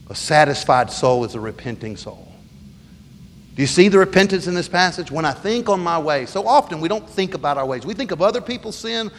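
A man's voice: a little high, lively intonation, fairly quick, a little hiss or hum. A middle-aged man, a pastor, preaching a sermon earnestly and with emphasis, often stumbling and restarting. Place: church sanctuary. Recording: long reverb of a large hall.

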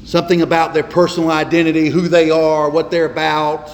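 A man preaching from the pulpit, his voice pitched high and carrying emphatic, repeated phrases. The sound rings with long reverb in a roomy church hall. Faint ambience stays in the background. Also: monotone, a little hiss or hum. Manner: emphatic preaching, repeats words, slows for stress. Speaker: pastor. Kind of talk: sermon.

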